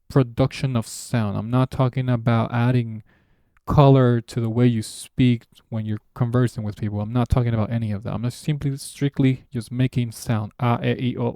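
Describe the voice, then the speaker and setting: A man's voice: mid-range voice, warm tone, dry recording, clean studio sound. A man whose first language is Spanish, hosting and teaching a casual video lesson with joking, sarcastic asides. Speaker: language teacher and channel host.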